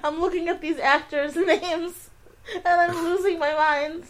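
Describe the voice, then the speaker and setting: A woman's voice: extremely high pitch, steady tone, unhurried. A woman co-hosting a casual film podcast, who gets set off laughing easily. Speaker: podcast co-host.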